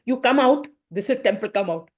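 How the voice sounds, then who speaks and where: A woman voicing an indignant male worshipper who loudly scolds the people around him with sharp questions. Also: fairly high pitch, expressive, brisk, pitched above the performer's own voice, natural voice.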